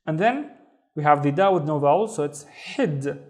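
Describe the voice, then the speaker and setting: Male language teacher with a slightly raised pitch, patient and deliberate, stretching out each sound for beginners. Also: lively intonation. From Saudi Arabia. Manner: patient, drawn-out syllable sounding. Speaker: Arabic teacher. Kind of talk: reading lesson.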